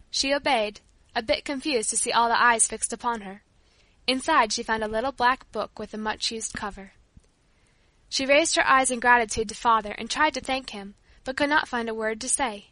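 A woman narrating a children's story in a steady, gentle reading manner. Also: fairly high pitch, moderate pace, no echo.

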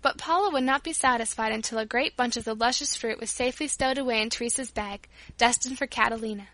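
A woman reads a storybook aloud as audiobook narration, clear and expressive. Her voice is bright and fairly high, and the recording is close and dry. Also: quick pace, no room sound.

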